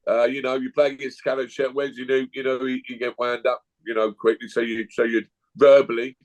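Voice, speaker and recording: A man's voice: medium pitch, little pitch movement, brisk, low-quality recording. A man, a guest telling blunt, jokey stories in a casual chat.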